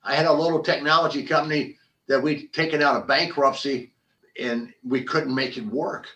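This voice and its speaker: An older man, a former athlete turned business founder, telling animated stories in an interview with frequent restarts and repeated words. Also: fairly high pitch, moderate pace, recorded from a distance, poor audio. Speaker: podcast guest, former football player and business founder. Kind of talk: conversational interview storytelling.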